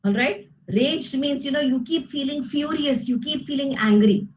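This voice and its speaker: A woman's voice: sits high, normal speed, darkish tone, dull audio, slight background noise. A woman teaching grammar to a class, patiently explaining and checking in with "you know" and "okay?". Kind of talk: classroom lesson with student responses.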